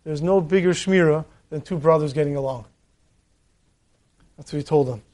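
High-voiced man telling a Torah story. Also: normal speed. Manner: animated storytelling, acts out the voices in the stories. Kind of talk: Torah talk with stories.

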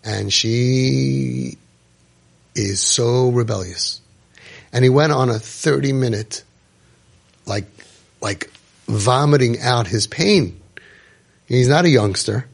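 A middle-aged man hosts a podcast and tells a story in vivid detail, acting out the voices of the people in it. His voice is gravelly with a husky, rough edge. His pitch sits in the ordinary middle range for a man. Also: slow, long pauses. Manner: vivid retelling that acts out other people's words. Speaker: podcast host and parenting guide.

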